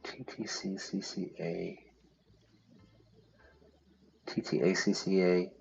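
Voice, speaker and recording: A man streaming a detective game, reading the clues aloud and reacting loudly to each twist. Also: low-pitched, flat delivery, takes it slowly, creaky, slight background noise. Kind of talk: casual gameplay commentary. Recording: slightly dull lo-fi audio.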